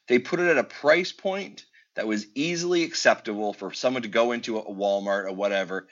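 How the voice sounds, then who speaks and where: A man co-hosting a casual podcast, telling stories with lively delivery and acting out back-and-forth exchanges. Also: medium pitch, a little fast, hardly any pauses. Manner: animated storyteller, acts out quoted exchanges. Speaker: podcast co-host. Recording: dull lo-fi audio.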